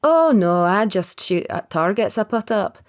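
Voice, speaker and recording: A woman voicing a reserved man in his early thirties in an audiobook, speaking quietly and guardedly. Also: mid-range voice, expressive, natural voice. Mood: quiet, earnest. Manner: quiet, guarded, opens up slowly. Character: reserved thirty-one-year-old man, secret agent. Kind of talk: audiobook character voice.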